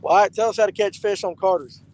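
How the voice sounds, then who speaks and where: A man chats and teases his buddy while fishing on a lake. His voice sits a bit high, and he talks in an easy, drawling banter. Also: steady tone, fairly quick, a little mellow, low-quality recording. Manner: joking, drawling banter with a friend. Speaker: fishing video host. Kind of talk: casual chat while fishing. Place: outdoors on a boat on a lake.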